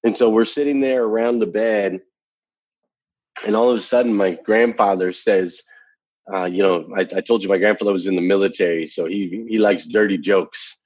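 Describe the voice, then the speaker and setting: Earnest man telling a story, husky voice. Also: on the low side, fairly even intonation, moderate pace, a little mellow, no room sound, highs cut off. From United States. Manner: earnest, repetitive, emphatic storytelling. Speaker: interview guest. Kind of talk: personal storytelling in conversation.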